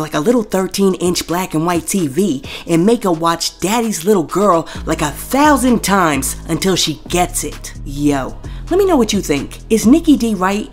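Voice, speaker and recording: A woman hosting a celebrity gossip show. She talks straight to the viewers and reads posts aloud, spelling out the censored swear words. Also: lowish voice. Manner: chatty, addresses viewers directly. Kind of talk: scripted gossip commentary.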